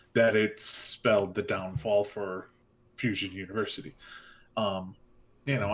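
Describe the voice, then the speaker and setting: A man co-hosting an esports talk show, giving his views in a relaxed way, with plenty of likes and ums. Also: fairly low pitch. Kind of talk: casual esports podcast chat.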